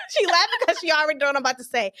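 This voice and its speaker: High-pitched, blunt podcast co-host woman. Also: fast talker, pushed and bright. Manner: blunt, profane, laughing storytelling. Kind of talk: casual chat.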